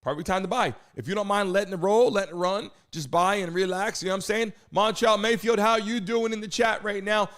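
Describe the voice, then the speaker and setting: A man hosting a live stream, hyping the chat, shouting out viewers and talking loosely with some swearing. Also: sits high, steady tone, brisk, few pauses, clear, resonant tone. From United States.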